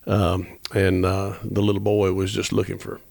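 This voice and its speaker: Gravelly earnest man in his fifties. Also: deep voice, completely flat delivery, moderate pace, a little mellow, dry recording, studio quality. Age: 50s. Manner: earnest, rambling with restarts, quotes dialogue. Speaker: musician guest. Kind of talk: storytelling in a podcast interview.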